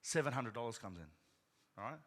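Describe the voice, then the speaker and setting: A man preaching in a church sanctuary, telling a personal story as though chatting with the congregation and tossing in "right?" again and again. His voice is bright and forceful, and at its height it climbs loud and high. Long reverb trails behind his words. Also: expressive, moderate pace. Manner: conversational, frequent "right?" asides, rising to loud emphatic peaks. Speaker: pastor.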